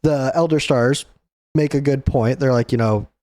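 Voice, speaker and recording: A young man hosts a casual comic chapter recap in a loose, easygoing way, chuckling as he goes. His voice sits in an ordinary middle pitch. The sound is close and dry. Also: moderate pace, a little mellow, no room sound. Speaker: host.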